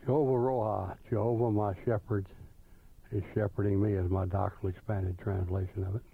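Slow, low-voiced preacher on a tinny line. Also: male voice, flat delivery, creaky, husky. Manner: slow, deliberate reading with small restarts. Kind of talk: sermon with scripture reading. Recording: tinny phone-like line, dry.

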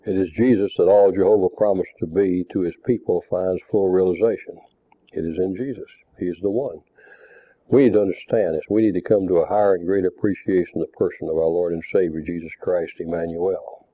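A man preaching a Bible lesson, measured and reading scripture passages aloud. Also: low-pitched, fairly even intonation, no room sound. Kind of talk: Bible teaching. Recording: tinny phone-like recording.

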